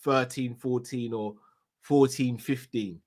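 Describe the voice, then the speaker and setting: A man's voice: medium pitch, steady tone, slow, a crowd in the background. A man co-hosting a football fan call-in show, talking in an easygoing, chatty way. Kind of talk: casual chat.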